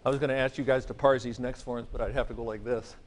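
A man's voice: medium pitch, steady tone, quick pace. A man lecturing a class on grammar, joking and playful, now and then singing vowel sounds to make a rule stick. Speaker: Greek teacher.

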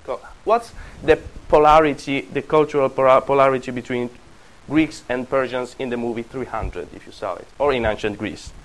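A man's voice: medium pitch, poor audio. Man lecturing a class. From Italy. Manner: halting, with frequent restarts and fillers.

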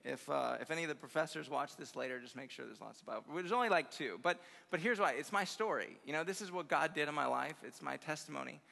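Talking fast with few pauses, this chapel conference guest speaker addresses college students in a slightly high, bright, forceful and gravelly voice. He chuckles through personal stories in an upbeat, effusive sermon, and a large hall's long reverb fills the recording.

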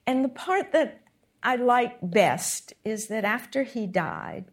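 A woman's voice: on the high side, slow. A woman historian on a panel, telling stories about past first ladies with laughing asides. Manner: animated storytelling, laughing asides. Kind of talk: panel discussion before an audience.

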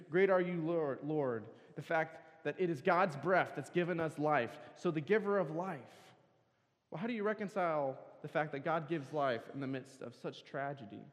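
Earnest preacher in a reverberant hall. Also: male voice, sits high. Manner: earnest storytelling preacher, rising emphasis on key words. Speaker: campus worship speaker. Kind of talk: sermon. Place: large hall, campus worship service.

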